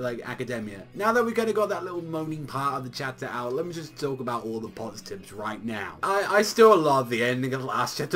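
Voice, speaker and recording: Animated swearing young man reviewing manga. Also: mid-range voice, a little fast, few pauses. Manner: animated, swearing, many fillers. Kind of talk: casual solo review commentary.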